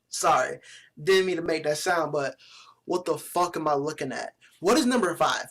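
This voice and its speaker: A man's voice: on the high side, fairly quick, a bit bright, slightly rough. A young man giving casual, profane commentary as a vlogger, blunt and mocking with plenty of slang. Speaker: vlogger reviewing sports jerseys.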